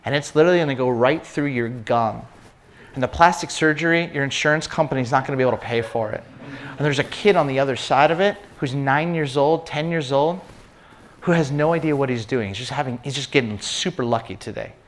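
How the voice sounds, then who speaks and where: A man giving an animated, storytelling sermon talk, often repeating words as he starts sentences. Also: medium pitch, brisk. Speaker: speaker at a faith session.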